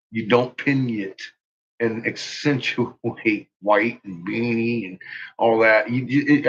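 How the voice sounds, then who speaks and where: A man's voice: medium pitch, a bit bright. A man ranting on a live stream in casual, profane talk, laughing often and calling out to his viewers by name. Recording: muffled lo-fi recording.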